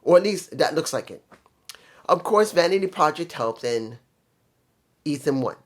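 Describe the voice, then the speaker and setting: Opinionated man reviewing wrestling, slightly high voice. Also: animated, normal speed. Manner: opinionated, thinking aloud with fillers and restarts. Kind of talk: casual solo commentary.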